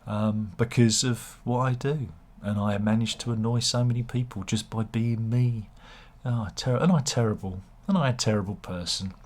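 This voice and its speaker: A man with a husky voice, talking to camera in a rambling, sardonic and self-deprecating way, often restarting his sentences. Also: mid-range voice, moderate pace, a little mellow. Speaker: YouTuber.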